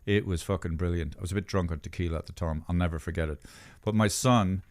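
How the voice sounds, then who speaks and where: A man's voice: low voice, steady tone, fast, a little mellow. A middle-aged Irish man hosting a podcast, chatting casually in a profane, jokey, rambling way. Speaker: podcast host. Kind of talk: casual chat.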